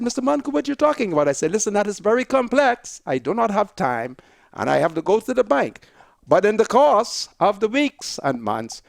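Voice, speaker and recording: A Bahamian man hosts a talk show in an insistent, declamatory monologue, pressing his points again and again. His voice sits high and carries a gravelly rasp. The recording is dry, with no room sound. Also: no room sound. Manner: declamatory, insistent, repeats "listen". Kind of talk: emphatic monologue.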